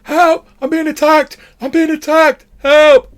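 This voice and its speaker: A man's voice: little pitch movement, measured pace. A man voicing a panicky young male technician who squeals and protests his innocence. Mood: panicked. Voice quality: shrill, squealing when alarmed.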